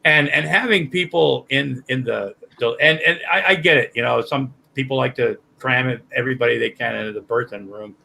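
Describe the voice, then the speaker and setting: Gravelly older man, rambling and profane. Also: mid-range voice, brisk, few pauses, bright, forceful tone, slight background noise, low-quality recording. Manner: rambling, profane, many restarts. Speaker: guest on a livestream chat. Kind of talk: casual chat.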